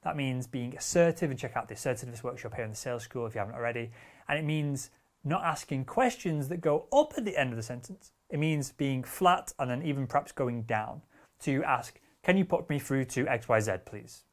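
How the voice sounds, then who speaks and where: A man's voice: medium pitch, expressive, fairly quick. Direct, assertive male sales coach. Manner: casual wording with the odd curse. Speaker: sales trainer. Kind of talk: instructional talk.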